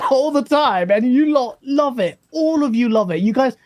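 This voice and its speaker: A man's voice: extremely high pitch, lively intonation, a little slow, darkish tone, no room sound. A young man with an English accent co-hosting a gaming podcast, playful and laughing often as he chats. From England. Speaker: podcast co-host. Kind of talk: casual podcast chat.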